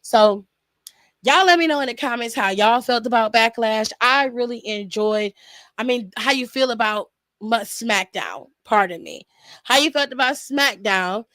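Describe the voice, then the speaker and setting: A young woman hosting a casual live stream from home, chatting with her viewers and laughing often. Her voice sits fairly high. The sound is close and dry, with no room around it. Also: expressive, unhurried, fairly bright tone, dry recording. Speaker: wrestling aftershow streamer.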